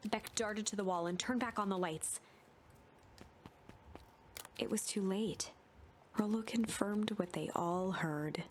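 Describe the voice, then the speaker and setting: A woman narrating a game's story text aloud, steady and even in a storybook manner. Her voice sits at an ordinary middle pitch and occasionally drops to a hush. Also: slow, pauses often. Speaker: streamer reading narration.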